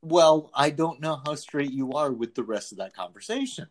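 A man co-hosting a podcast in casual chat, animated and jokey, laughing often. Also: on the high side, moderate pace. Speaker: podcast co-host.

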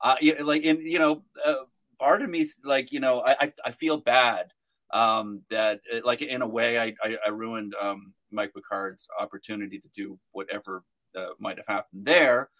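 A man's voice: medium pitch, fairly even intonation, moderate pace, fairly bright tone. A man telling a long story on a podcast, rambling with many restarts and fillers. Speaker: guest, protester.

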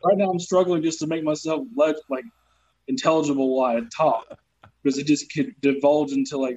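A man's voice: fairly high pitch, a little fast, muffled recording. A man with a Southern accent, a comedian guest, telling profane stories in casual podcast chat. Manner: profane, animated storytelling with acted quotes.

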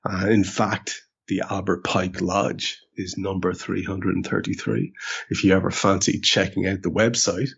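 An Irish man co-hosting a casual podcast, rambling and self-deprecating, with halting restarts. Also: deep voice, flat delivery, vocal fry, breathy edge. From Ireland. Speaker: podcast co-host. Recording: slightly dull podcast audio.

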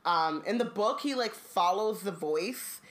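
A woman's voice: medium pitch, animated, measured pace. A woman co-hosting a casual chat who muses aloud with lots of fillers and also reads a book aloud. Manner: musing, full of fillers. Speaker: co-host.

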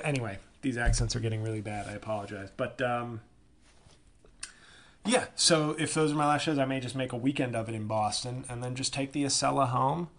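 Solo podcast host, a comedian man in his forties; rambling, dry, self-deprecating delivery at a mid pitch. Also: fairly quick. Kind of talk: casual solo podcast monologue.

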